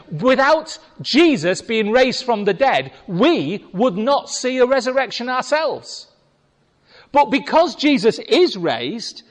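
A man preaching a sermon as pastor, speaking emphatically and firing rhetorical questions at the congregation in a church. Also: very high-pitched. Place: church hall. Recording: long reverb of a large hall.

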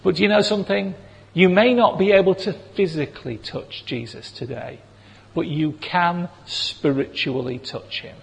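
A man preaching a sermon, animated and acting out voices of people in the stories he tells. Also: high voice, normal speed, vocal fry. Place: church hall. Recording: long reverb of a large hall.

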